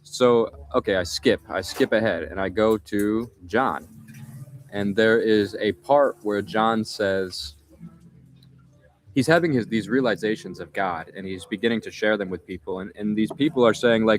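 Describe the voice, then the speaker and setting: A man's voice: fairly low pitch, a little slow, a little hiss or hum. A young man hosting a livestream, telling a rambling story in casual chat, often breaking off mid-sentence. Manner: rambling, self-interrupting storytelling. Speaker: livestream host.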